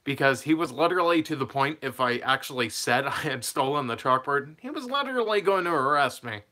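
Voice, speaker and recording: Young man, casual storytime, bright clear voice, rambling, chuckles between sentences. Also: mid-range voice, expressive, a little fast. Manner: rambling, laughs mid-sentence, loses his train of thought. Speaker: vlogger telling a personal story.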